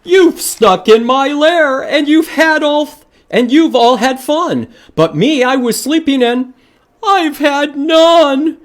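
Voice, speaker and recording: A man's voice: extremely high pitch, lively intonation, slow pace, voice pushed up, full character voice. A man voicing a grumpy, sleepy big male bear in a picture book read-aloud, whining and complaining. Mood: whiny. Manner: whiny, complaining.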